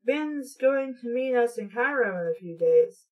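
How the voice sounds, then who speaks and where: Storybook kid: sulky, impatient twelve-year-old boy, voiced by a woman, fairly high. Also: expressive, a little slow, far from the mic. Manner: sulky, complaining.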